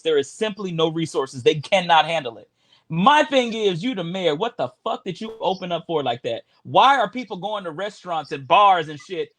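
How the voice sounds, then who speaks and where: A man from Houston talks in a loose, profane chat, his voice sitting high and swinging widely. He stammers and restarts often. The tone is bright and lively. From Houston, Texas. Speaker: co-host. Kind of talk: casual chat.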